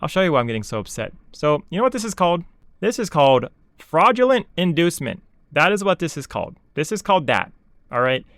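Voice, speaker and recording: A man's voice: a little high, big pitch swings, fast, a bit bright, no room sound, clean studio sound. Exasperated sarcastic young man ranting. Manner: exasperated, sarcastic, mocking voices in quotes. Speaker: VTuber commentator. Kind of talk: ranting commentary.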